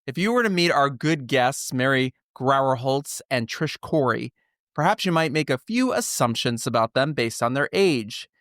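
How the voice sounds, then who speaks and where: A man's voice: mid-range voice, lively intonation, moderate pace, a bit bright, no echo, clean studio sound. A man hosting an upbeat podcast, enthusiastic and playful as he tells stories and welcomes guests. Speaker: podcast host.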